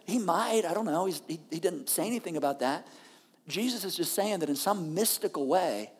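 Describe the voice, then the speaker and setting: Woman pastor, low-ish voice, chatty sermon delivery, keeps checking in with the room. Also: expressive, fairly quick, breathy edge, in a large hall. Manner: conversational, with frequent "all right?" check-ins and asides.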